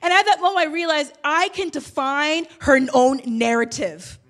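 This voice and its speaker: A woman's voice: high-pitched, normal speed, a bit bright. A woman in her thirties preaching a sermon, telling a personal story with bursts of emotion. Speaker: pastor.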